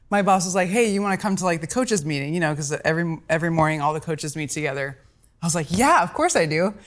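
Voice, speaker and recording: A woman guest on a podcast telling a story casually and animatedly, acting out the people she quotes. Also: deep voice.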